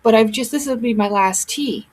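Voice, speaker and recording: A woman's voice: a little high, moderate pace, husky, rough recording. A young woman talking casually to her camera at home, rambling and emotional, with many fillers and restarts. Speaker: vlogger.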